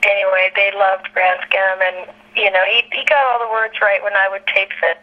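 An actress being interviewed, telling candid stories in a rambling, chatty way, full of fillers and laughter. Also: female voice, mid-range voice, fairly even intonation, normal speed, highs cut off. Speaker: actress guest.

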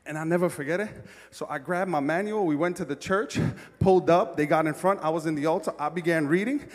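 Pastor guy preaching, highish voice, gets loud and fired up telling stories, long echo tail. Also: fast. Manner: preachy, builds from quiet to loud storytelling. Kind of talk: sermon.

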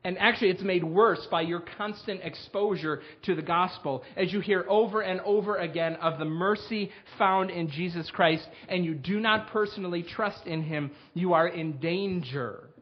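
A man delivers a sermon in a high-pitched voice, addressing his congregation directly and earnestly. He reads scripture passages aloud with growing emphasis. The recording sounds muffled and lo-fi. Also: moderate pace, hardly any pauses. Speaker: pastor.

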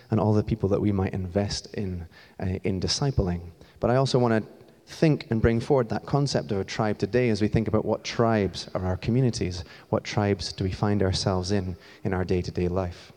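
A man's voice: on the low side, steady tone, a little fast, few pauses, mellow. A young man from Scotland giving a chatty, self-deprecating sermon in a church, moving around as he talks. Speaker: church staff member preaching. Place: church hall. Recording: long hall reverb.

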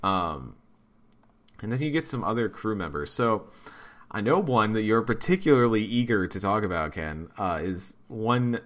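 A man's voice: on the low side, animated, normal speed, a bit bright. A man co-hosting a podcast, chatting casually and rambling with fillers and restarts. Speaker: podcast co-host. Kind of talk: casual chat.

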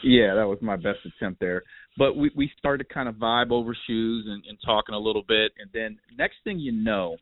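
A man hosting a podcast, telling stories in a lively, animated, casual way. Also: on the low side, normal speed, slight background noise. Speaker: podcast host. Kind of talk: casual storytelling chat. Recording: tinny phone line, dry.

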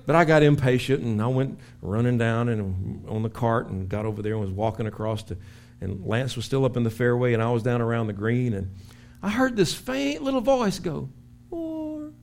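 A man preaching a sermon as pastor in a church, telling stories with lively acted-out shouts. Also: mid-range voice, brisk, vocal fry. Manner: animated storytelling with acted-out shouts. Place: church sanctuary.

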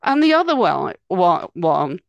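A woman's voice: lowish voice, big pitch swings, a little slow, creaky, dry recording, lo-fi sound. A woman, a guest on an interview podcast, giving practical advice in a chatty, explanatory way, with many "um"s and "you know"s. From United Kingdom. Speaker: guest expert.

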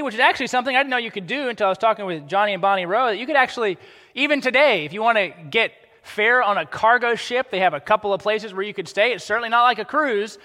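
A man preaching a sermon as pastor, animated and acting out the characters he quotes. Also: high-pitched, in a large hall.

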